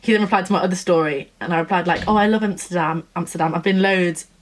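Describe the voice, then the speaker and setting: A woman's voice: fairly low pitch, quick pace, background noise. A woman in her twenties from England, telling a story in a gushing, chatty vlog style and acting out what people said. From Nottingham, England. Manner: chatty, gushing, acts out quotes. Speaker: vlogger. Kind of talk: casual storytelling chat.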